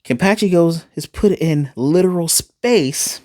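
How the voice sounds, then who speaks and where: A man casually recapping an anime episode in an animated way, acting out quoted lines as he goes. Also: fairly high pitch, measured pace, no echo, clean studio sound. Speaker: anime reviewer.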